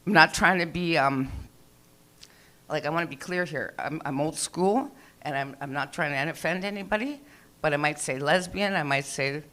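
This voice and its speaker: A middle-aged woman with a low-pitched, slightly bright voice speaks at a moderate pace while doing open-mic stand-up on a small club stage. Her chatty, rambling set includes swearing and acting out the people in her stories.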